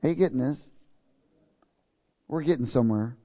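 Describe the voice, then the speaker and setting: A man's voice: medium pitch, normal speed, warm tone. A man preaching a sermon in a folksy way, reading scripture and checking in with his congregation.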